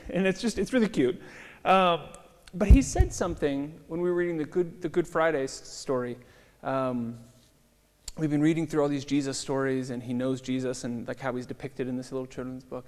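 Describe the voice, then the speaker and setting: A man in his thirties, a pastor, giving a conversational sermon with relaxed fillers. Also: on the high side. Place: church hall. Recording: long hall reverb.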